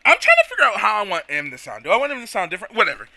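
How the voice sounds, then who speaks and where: A man hosting a casual let's play, talking in an excitable, rambling, self-mocking way. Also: high voice, very fast, slight background noise. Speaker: gaming video host.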